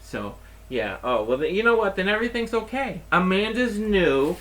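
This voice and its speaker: A man hosting his own show, telling a comic story in an animated, exasperated way and acting out the people in it. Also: high-pitched, normal speed. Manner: animated, exasperated retelling with acted-out quotes. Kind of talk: comedic storytelling monologue.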